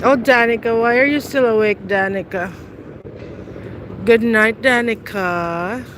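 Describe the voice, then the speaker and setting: A woman's voice: fairly high pitch, unhurried, background noise. A middle-aged woman in casual, teasing chat with live viewers outdoors, laughing often. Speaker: vlogger. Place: outdoors on a city street.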